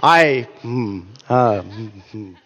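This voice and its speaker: A man in his forties telling comic stories in an animated, ranting way, swearing and breaking off his own sentences. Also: mid-range voice, extremely slow, long reverb tail. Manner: animated, ranting, profane, self-interrupting. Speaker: author and speaker. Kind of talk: comic storytelling talk.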